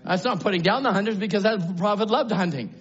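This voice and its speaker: Male preacher, high-pitched, shouting sermon in a church sanctuary, muffled recording. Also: fast, breathy edge. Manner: swings from low musing to shouted exclamations.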